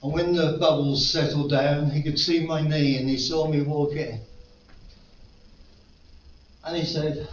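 A man's voice: a little high, fairly even intonation, a little slow, pauses often, slight background noise. An older man preaching a sermon, telling stories and rising to earnest appeals. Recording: echoey room, distant mic, dull sound.

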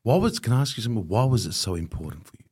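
Deep-voiced male podcast host who interjects with short reactions. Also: animated, rapid-fire, a little mellow, breathy edge. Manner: brief interjections of amazement. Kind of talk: casual interview.

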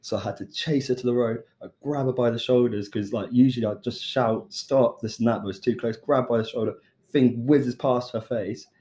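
A young British man, a chef, casually telling a lively story and acting out the voices of the people in it. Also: medium pitch, brisk. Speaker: chef and podcast guest.

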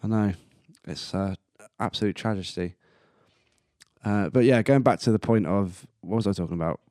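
A man's voice: lowish voice, moderate pace, darkish tone, no echo, studio quality. A man hosting a casual solo podcast, rambling and chatty, swearing casually and laughing at himself. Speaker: podcast host.

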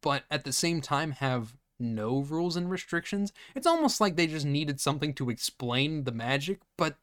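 A man's voice: a little high, normal speed, no room sound, clean studio sound. A man hosting a podcast, chatting casually about a movie and acting out the characters' lines as he retells scenes. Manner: animated, acts out characters' lines. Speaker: podcast host. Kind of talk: casual movie-review chat.

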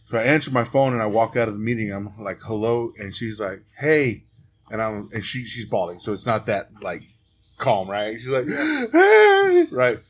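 A man's voice: on the low side, moderate pace, a little hiss or hum. A man hosting a podcast, in a loose, profane, storytelling chat with friends. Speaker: podcast host. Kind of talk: casual chat.

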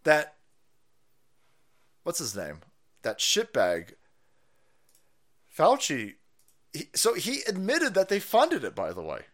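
A man's voice: a little high, slow pace, long pauses. A man hosting a stream, ranting with profane, mocking sarcasm. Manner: foul-mouthed, mocking, sarcastic, animated. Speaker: streamer host.

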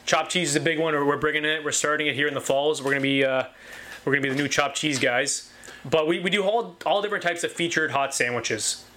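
A man with a slightly raised, bright and forceful voice pitches his butcher shop with eager enthusiasm. He stacks up repeated phrases and stumbles into restarts as he talks. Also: steady tone, fast. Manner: enthusiastic, repetitive, many restarts. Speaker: butcher shop owner, guest. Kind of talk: casual interview talk.

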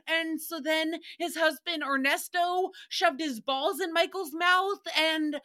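A woman's voice: extremely high pitch, unhurried, hardly any pauses, pushed and bright. A woman hosting a podcast, giving a sassy, giggly comedic recap in a chatty monologue. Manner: sassy, giggly, jumps between voices and rhymes. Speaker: podcast host.

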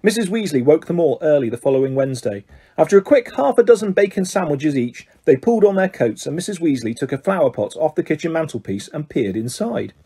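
A man reading a storybook aloud with a husky, mellow tone. His pitch moves a lot and sits a bit high. Expressive throughout. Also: brisk. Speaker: audiobook reader.

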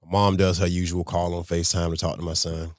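A man, a restaurant owner and podcast guest, telling a story in a casual, animated way and acting out conversations. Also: low-pitched, fast talker, no echo, clean studio sound.

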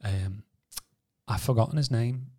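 A man's voice: mid-range voice, a little slow, a little mellow. A man telling his story on a podcast in a rambling way, full of restarts and fillers. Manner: rambling, many restarts and "you know" fillers. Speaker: podcast co-host. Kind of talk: casual personal testimony.

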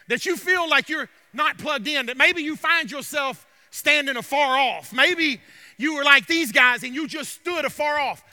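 A male pastor preaching a sermon in church, building from conversational talk to loud cries. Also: very high voice, normal speed. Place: church sanctuary.

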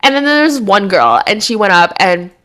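A woman's voice: medium pitch, very animated, normal speed, fairly bright tone. A woman in her twenties, a podcast co-host, telling rambling stories in casual chat with lots of filler words.

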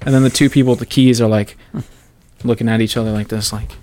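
A young man talking loosely on a podcast, rambling from one tangent to the next. His pitch sits in the ordinary middle range. He slips into quick comic voices to act out scenes. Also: steady tone, dark tone, a little hiss or hum. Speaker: podcast guest, comedian. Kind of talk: casual podcast chat.

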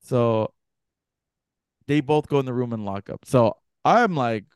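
A young man co-hosting a podcast, telling a story casually and acting out the other people's voices with big jumps in pitch. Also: unhurried, smooth, no room sound, clean studio sound. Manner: animated, acts out quoted voices with pitch jumps. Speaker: podcast co-host.

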